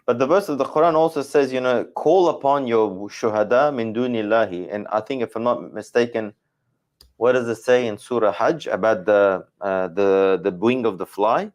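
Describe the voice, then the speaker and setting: A man's voice: mid-range voice, normal speed, darkish tone. A man teaching the Quran in a scholarly discussion, thinking aloud, hedging and correcting himself as he goes.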